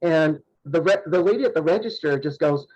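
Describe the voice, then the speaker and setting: A man's voice: on the high side, fairly quick, darkish tone, lo-fi sound. A man being interviewed on a podcast, a self-described shy person telling stories in casual chat. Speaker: guest, horror host.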